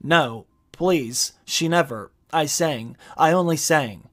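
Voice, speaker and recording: A man's voice: on the high side, takes it slowly. A man reading aloud the part of a frightened young male singer, stammering and pleading.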